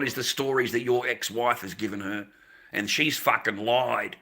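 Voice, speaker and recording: A man rants on a live stream in a gravelly, husky voice with a tense, sharp edge. He is agitated, circles back to the same phrases, stammers and swears as he talks. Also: mid-range voice, normal speed. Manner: agitated, repeats phrases, swears, stumbles over words. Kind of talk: emotional livestream rant.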